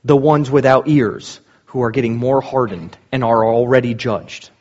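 A man's voice: mid-range voice, moderate pace, darkish tone, dull audio. A man preaching a sermon, reading scripture aloud and then explaining it with rising emphasis.

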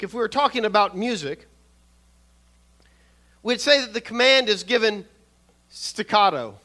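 An older man preaching a sermon on scripture, measured and earnest, often restarting his words and adding soft asides. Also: sits high.

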